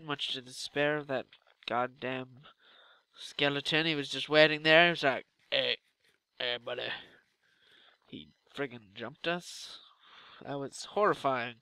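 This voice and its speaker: A young man giving loud, exasperated Let's Play commentary with swearing outbursts. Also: fairly high pitch, unhurried, smooth, no echo. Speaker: gaming YouTuber.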